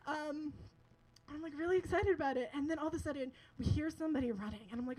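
A woman's voice: high-pitched, quick pace, darkish tone, rough recording. A young woman telling a personal story to an audience, chatty and laughing often, with lots of filler words.

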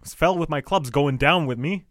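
A man's voice: fairly high pitch, normal speed, fairly bright tone, no room sound, studio quality, natural voice. Man reading as a teasing cheerful roommate. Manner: reads aloud, breaks off laughing.

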